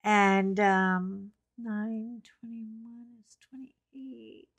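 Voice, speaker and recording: A middle-aged woman with a highish, gravelly voice talks extremely slowly, captured in lo-fi sound at her home craft table. The craft channel host, still recovering from a cough, paints while telling a funny story, laughing often and swearing colorfully like a chatty storyteller.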